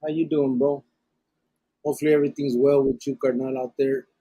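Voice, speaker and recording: A man's voice: medium pitch, level tone, a little fast, dark tone, slightly rough. A man hosting a live podcast in casual chat, plainspoken and slangy, mixing in Spanish words while he reads viewer comments. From Arizona. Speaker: podcast host.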